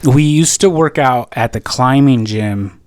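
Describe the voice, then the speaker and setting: A man's voice: medium pitch, a little slow, darkish tone, no room sound. A young man from California on a podcast, telling a story in a rambling, profane way full of filler words. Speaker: podcast co-host. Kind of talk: casual podcast chat.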